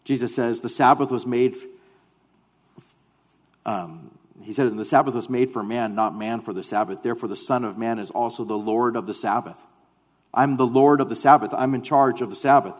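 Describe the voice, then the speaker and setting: A man in the middle of a sermon, his mid-range voice carrying through a church hall with a long, ringing reverb. He preaches with animated stress, then drops low and quiet to drive a point home. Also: moderate pace. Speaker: pastor.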